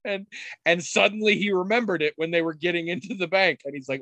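A middle-aged man in casual conversation, telling rambling stories with frequent restarts and animated quoted voices. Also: sits high, quick pace, no echo. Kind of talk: casual chat.

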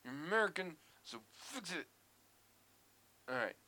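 A man chatting on a podcast with a bright, forceful voice. He rants in an animated, profane way and swings into mock outrage as he tells a story. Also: high-pitched, measured pace. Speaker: podcast co-host. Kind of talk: casual chat.

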